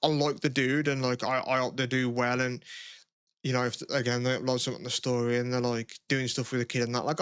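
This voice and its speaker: A man's voice: mid-range voice, little pitch movement, quick pace, a bit bright, clear, resonant tone, no echo, clean studio sound. A man co-hosting a podcast, chatting casually and rambling, with lots of swearing and filler words. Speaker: podcast co-host. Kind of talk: casual chat.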